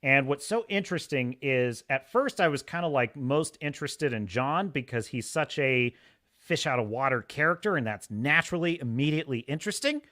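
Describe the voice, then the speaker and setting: A man hosting a podcast in casual, opinionated commentary, animated and laughing, acting out scenes in voices. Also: mid-range voice, moderate pace. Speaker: podcast host.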